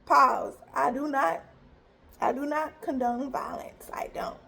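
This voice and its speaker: A woman's voice: high-pitched, fairly even intonation, takes it slowly, gravelly, bright, forceful tone. A woman in her thirties, a mother telling a story to her viewers in a chatty, emphatic way, repeating herself for effect. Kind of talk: casual storytime vlog.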